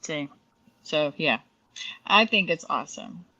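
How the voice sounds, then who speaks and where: A woman's voice: low-pitched, sing-song, slow pace, bright, forceful tone, dry recording, muffled recording. A woman co-hosting a casual panel chat, chiming in with supportive, encouraging remarks.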